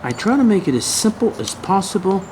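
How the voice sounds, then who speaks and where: A man's voice: sits high, big pitch swings, fairly quick, noisy background. A man giving a casual step-by-step woodcarving lesson, folksy and chatty, humming to himself as he works. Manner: folksy, hums and mutters while working. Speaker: woodcarving instructor.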